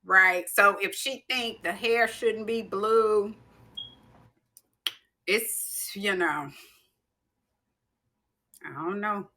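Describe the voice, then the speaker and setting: Woman on a podcast, slow easy talk, bright voice, telling it straight. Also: medium pitch. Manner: emphatic, storytelling. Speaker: podcast co-host. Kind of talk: casual livestream chat.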